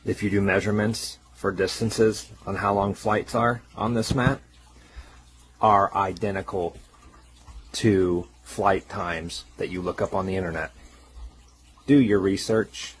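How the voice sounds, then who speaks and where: A man's voice: fairly low pitch, steady tone, a little slow, slight background noise. A man lecturing insistently, with a preachy manner.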